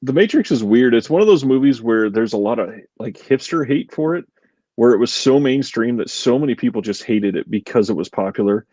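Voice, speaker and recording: A married man co-hosting a casual chat, dropping dry deadpan quips. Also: medium pitch, fairly quick, no echo. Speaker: podcast co-host. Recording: dull lo-fi dry mic.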